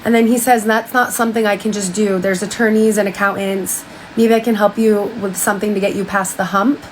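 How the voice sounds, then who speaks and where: A young woman talks into a phone mic at an everyday pitch, recapping a story in loose, chatty speech. She quotes everyone with "she's like" and throws in the odd swear. A faint hum sits behind her voice. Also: steady tone, a little fast, low-quality recording. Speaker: TikTok commentator.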